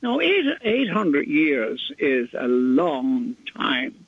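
An older man hosting a radio show, telling a rambling story in halting casual chat. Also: medium pitch, very animated, breathy edge, no echo. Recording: tinny phone-line radio audio.

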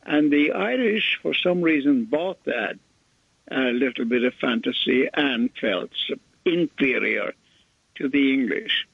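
An older man hosting a radio show, telling a rambling story in halting casual chat. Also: mid-range voice, expressive, vocal fry, slightly rough, dry recording. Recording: tinny phone-line radio audio.

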